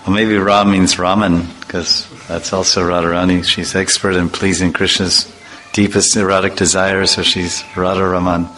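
A man's voice: deep voice, little pitch movement, moderate pace, a bit bright, a little hiss or hum, poor audio. A man giving an informal religious talk, telling chatty, playful anecdotes and acting out voices. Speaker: devotional speaker.

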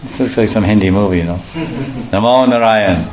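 Animated male preacher in an echoey room. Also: on the low side, quick pace, slight background noise. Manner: animated, acts out quotes, laughs often. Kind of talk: storytelling sermon.

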